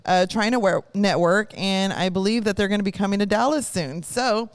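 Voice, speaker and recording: A woman's voice: medium pitch, moderate pace. Chatty woman radio host. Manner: chatty, rambling, self-correcting. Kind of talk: casual chat. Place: live broadcast studio.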